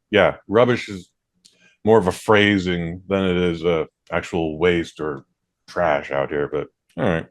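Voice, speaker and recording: A man hosts a podcast in a slightly low voice. He talks casually and loosely, dropping "like" and "dude" often and swearing freely. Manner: laid-back, swears freely, uses lots of "like" and "dude". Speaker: podcast host. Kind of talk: casual chat.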